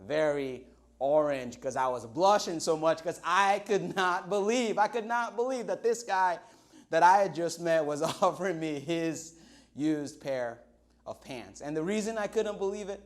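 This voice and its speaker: A middle-aged man from Nigeria with a Nigerian accent, preaching a livestreamed sermon in an animated storytelling way, stretching out words for emphasis. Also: on the high side, unhurried. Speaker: pastor.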